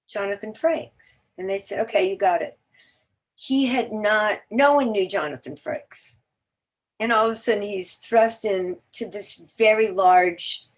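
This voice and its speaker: A woman, an actor guesting on a podcast, telling long animated stories in casual chat. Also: medium pitch. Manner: chatty, animated storyteller.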